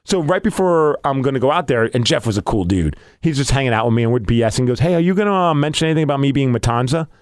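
A man co-hosting a casual podcast, telling a story with animated, acted-out dialogue. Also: mid-range voice, quick pace, few pauses, dry recording. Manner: animated storytelling, acting out quoted lines.

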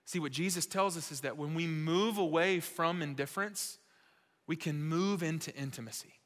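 A man preaches to a room of young adults, stacking repeated phrases with urgency before he drops to a hushed, intimate hush. His voice sits a little high and bright, with a pushing edge. A large church hall trails long echoes behind every word. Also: normal speed. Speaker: pastor speaking to young adults. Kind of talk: sermon. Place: church auditorium.

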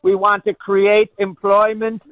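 Deadpan joking male caller on a phone line. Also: high-pitched, no room sound. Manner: deadpan satirical joking, halting with many fillers. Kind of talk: call-in talk radio.

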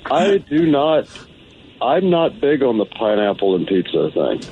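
A man answering interview questions casually and easily, with unhurried pauses and fillers. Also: medium pitch, very animated, a little hiss or hum. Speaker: interview guest. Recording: muffled clip played back.

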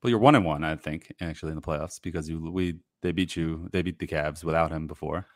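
A man guesting on a podcast, talking basketball in a rambling, animated way over a remote call. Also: very deep voice, a little fast, dry recording, clean studio sound. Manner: animated, rambling, laughs easily. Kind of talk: casual sports chat.

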